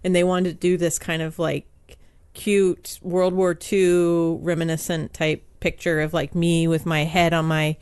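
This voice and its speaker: A woman's voice: on the low side, little pitch movement, measured pace, darkish tone, clear, resonant tone, no echo. Chatty storytelling woman columnist. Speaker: guest author, newspaper columnist. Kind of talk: casual podcast interview.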